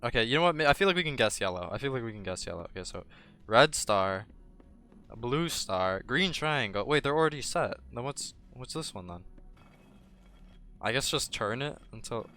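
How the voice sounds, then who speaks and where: A man's voice: medium pitch, animated, moderate pace, bright, forceful tone, faint music behind. A young man commentating his gameplay, trash-talking and yelping when startled. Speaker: gaming streamer.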